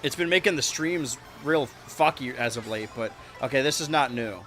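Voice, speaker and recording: A man streaming a kart racing game, rambling and joking to his chat with sudden excited yelps. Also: medium pitch, moderate pace, faint music behind. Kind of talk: live-streamed gameplay commentary.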